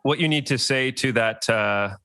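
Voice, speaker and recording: Bright-voiced man telling a chatty story. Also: medium pitch, moderate pace, smooth, no echo. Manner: chatty storyteller, laughs easily. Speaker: podcast co-host. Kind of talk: casual chat.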